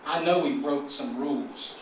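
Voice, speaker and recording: The chamber of commerce president speaks at medium pitch and normal speed, his Southern US accent coloring a folksy keynote full of jokes for local officials, whom he engages in call and response. The far-off recording in a large, echoey hall has a little hiss or hum.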